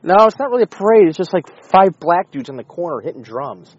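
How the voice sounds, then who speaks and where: A man's voice: sits high, big pitch swings, fast talker, husky, dry recording, muffled recording. A man in a car giving a rambling, profane, heated monologue. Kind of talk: casual ranting monologue. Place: inside a car.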